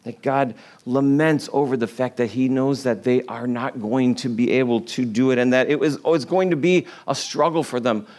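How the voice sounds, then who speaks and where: A middle-aged man delivers a sermon in a relaxed, conversational storytelling manner. His voice sits in an ordinary middle pitch. He acts out the quoted lines with lively voices and laughs softly now and then. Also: moderate pace, few pauses. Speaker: pastor.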